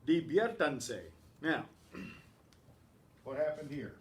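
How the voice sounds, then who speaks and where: A man teaching a Spanish grammar lesson, explaining step by step and clearing his throat often. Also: medium pitch, slow, distant mic. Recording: echoey room with faint background hum.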